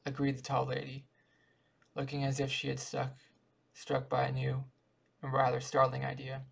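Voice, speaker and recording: A man reading a short story aloud in a steady, even way. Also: mid-range voice, moderate pace, low-quality recording. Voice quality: gravelly. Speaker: audiobook reader.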